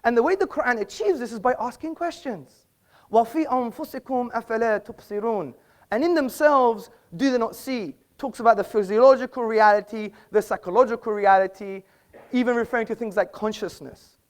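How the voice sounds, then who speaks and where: A man's voice: very high-pitched, fairly quick. A man making an assertive speech in a live public debate in an auditorium, quipping at the audience and quoting from books. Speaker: debate speaker.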